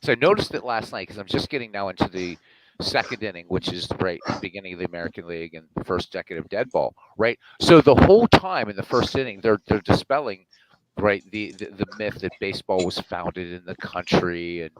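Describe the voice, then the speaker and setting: A man hosting a casual online draft chat, animated and joking. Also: low voice, a little fast, background noise. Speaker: draft host.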